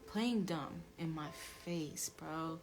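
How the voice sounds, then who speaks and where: A woman's voice: low-pitched, slow pace. A woman hosting her show and telling a personal story in a casual, emphatic rant, repeating herself, swearing freely and acting out both sides of the conversations. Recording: music playing underneath the voice.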